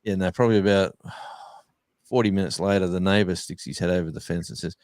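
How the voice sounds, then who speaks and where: Deep-voiced Australian man telling stories. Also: fast talker, no echo, studio quality. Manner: rambling, animated anecdotes with voiced quotes. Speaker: touring musician. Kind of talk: casual storytelling chat.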